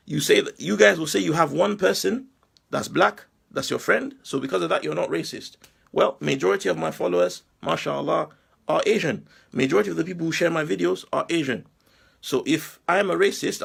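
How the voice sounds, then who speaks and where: A Nigerian man giving a forceful, preachy monologue full of rhetorical questions. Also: a little high, vocal fry, breathy edge. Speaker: Muslim commentator. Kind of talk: impassioned video monologue.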